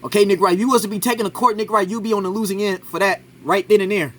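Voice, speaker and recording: Male reaction commentator, high bright voice, argumentative, peppers lines with "right?". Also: fairly even intonation, fast talker. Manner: argumentative, keeps adding "right?". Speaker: commentator reacting to a sports clip.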